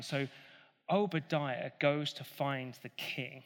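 A man retelling a Bible story in a casual, animated way, with jokey asides. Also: a little high, measured pace. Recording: long hall reverb.

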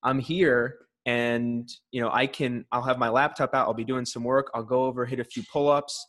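A man chatting as a podcast guest in a relaxed, reflective way. His voice sits at an ordinary pitch, and he often restarts a sentence with a small stammer. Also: normal speed. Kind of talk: casual chat.

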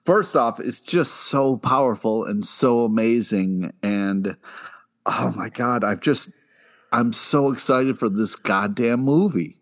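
A man co-hosting a podcast, gushing and swearing with excitement about an upcoming movie. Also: mid-range voice, slow pace. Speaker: podcast co-host. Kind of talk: casual pop-culture chat.

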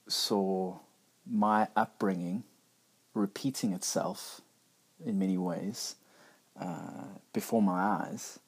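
A man's voice: lowish voice, breathy edge. A middle-aged man hosting a podcast, talking candidly and reflectively in a conversational way with many restarts. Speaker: podcast host. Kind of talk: reflective personal monologue.

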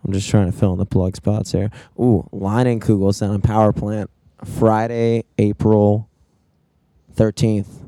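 A man's voice: fairly low pitch, little pitch movement, a little slow, mellow, no room sound. A man from co-hosting a comedy podcast, bantering casually and swearing freely as he plugs his shows. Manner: laid-back, swears casually. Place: studio.

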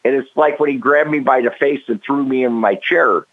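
A man's voice: medium pitch, a little fast, no echo. An older man, a guest on an interview show, talking casually in a rambling way and tagging on "okay?" and "like I said" as he goes. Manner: rambling, keeps adding "okay?" and "like I said". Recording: tinny dry phone line.

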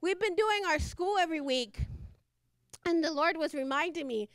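A woman's voice: very high voice, animated, normal speed, no echo. A woman preaching a fervent sermon, repeating phrases and laughing between lines.

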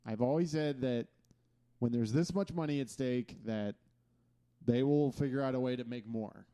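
Male co-host, mellow tone, steady and argumentative. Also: mid-range voice, moderate pace, clear, resonant tone. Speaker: podcast co-host. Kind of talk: casual chat.

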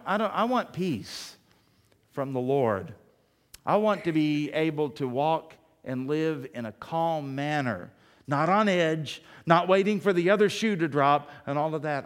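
Animated male preacher telling stories. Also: medium pitch. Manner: animated storytelling, swings between loud and hushed. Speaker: pastor. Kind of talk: sermon.

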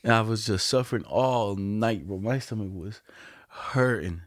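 A man's voice: fairly low pitch, measured pace, no room sound, clean studio sound. A man co-hosting a podcast, telling stories in loose, slangy, profane casual chat. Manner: laid-back slangy storytelling, lots of profanity. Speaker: podcast co-host.

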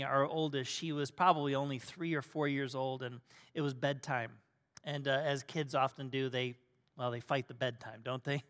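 A middle-aged male pastor preaching a sermon, telling a family story and swinging from loud emphasis to soft, hushed tones. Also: fairly high pitch. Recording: long hall reverb.

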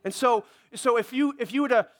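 A man's voice: very high voice, a little fast. A middle-aged man, a pastor, preaching an impassioned sermon and calling for amens from the congregation.

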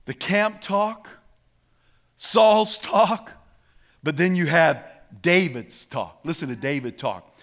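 A male preacher delivering a dramatic sermon, swinging from shouts down to hushed whispers. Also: on the high side, slow pace.

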